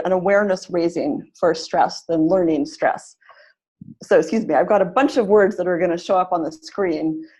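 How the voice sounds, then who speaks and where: A woman leading an online teacher-training webinar, speaking clearly and encouragingly and exaggerating the stress on words she models. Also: lowish voice, a little mellow. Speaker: webinar facilitator.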